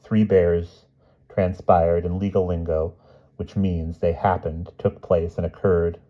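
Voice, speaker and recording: A man reading a storybook aloud in a measured way, savoring long lists of words. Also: sits low, little pitch movement, dull audio. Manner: measured, relishing word lists. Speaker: audiobook reader.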